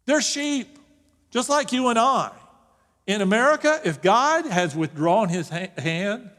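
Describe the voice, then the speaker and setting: In a church sanctuary with long hall reverb, a man teaches a Bible study as pastor, keeping it conversational and jokey with frequent restarts. He speaks high and a bit bright, at a measured pace with lively intonation.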